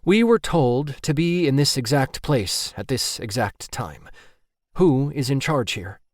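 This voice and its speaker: A man's voice: medium pitch, expressive, dry recording, voice pushed up, natural voice. A man voicing a pompous male warlock leader who speaks in a stiff, formal way. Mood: haughty. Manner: stiff, measured, self-important.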